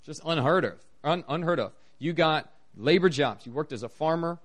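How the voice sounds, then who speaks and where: Male missionary preacher, slightly high voice, animated storytelling sermon delivery. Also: normal speed. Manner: animated storytelling, lively pitch swings.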